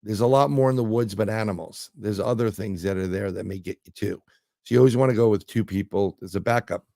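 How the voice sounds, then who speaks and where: Low-ish, creaky and dark, this New Yorker's voice moves quickly in studio-quality audio with no room sound. A guest and remote viewer, he rambles through anecdotes in casual interview conversation, peppered with fillers and restarts.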